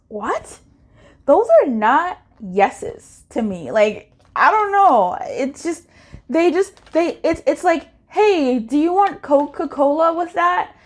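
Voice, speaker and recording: A woman's voice: high voice, husky. A woman doing a casual pick-a-card tarot reading, playful and slangy, with frequent laughter.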